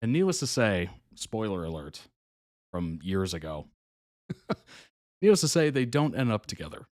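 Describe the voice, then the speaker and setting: A man's voice: fairly low pitch, normal speed, dry recording, clean studio sound. A man hosting a reaction video, casually retelling a reality show story, chuckling often and acting out other people's lines. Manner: chatty storyteller, chuckles often, quotes people in animated voices.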